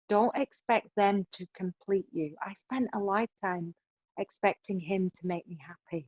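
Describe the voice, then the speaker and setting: A woman talks through relationship advice as a podcast guest, driving her points home and tagging many of them with "right?". Her voice sits at an everyday middle pitch. The sound is muffled and lo-fi, with no room echo at all. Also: moderate pace. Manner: emphatic, keeps adding "right?".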